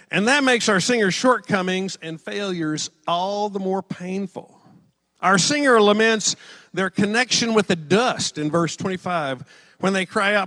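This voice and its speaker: Lively, animated male preacher. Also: fairly high pitch, no echo. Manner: conversational, storytelling, lively emphasis on quotes. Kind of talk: sermon with personal stories.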